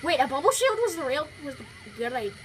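A young woman commenting on a video game she is playing, excitable, with quick exclamations and teasing of the character on screen. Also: high-pitched, slight background noise. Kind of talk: let's play commentary.

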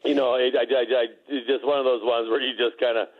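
A man recalling a teammate's game story in a halting way, with many restarts. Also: medium pitch, flat delivery. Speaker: former teammate. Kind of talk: casual storytelling. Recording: slightly dull, lo-fi audio.

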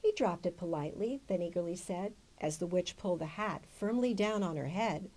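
A woman's voice: lowish voice, lively intonation, moderate pace, few pauses, darkish tone, poor audio. A woman reading a children's picture book aloud with dramatic, varied storytelling.

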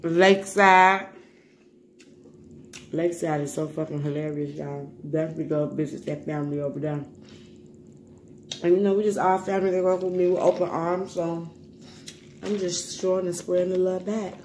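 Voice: mid-range voice, level tone, fairly quick, dark tone, a little hiss or hum. A vlogger talking casually to viewers while eating, loose and slangy, often repeating words.

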